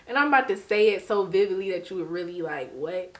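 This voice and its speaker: A young woman from Detroit telling a story on her vlog in a casual, slangy, animated way, laughing as she goes. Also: medium pitch, quick pace, few pauses. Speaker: storyteller vlogger.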